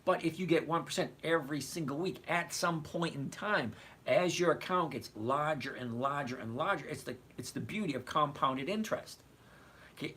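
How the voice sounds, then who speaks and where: A man's voice: mid-range voice, fairly bright tone, slightly rough. A man in his sixties hosting a casual livestream, rambling and digressive as he answers viewers by name. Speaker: trading livestream host.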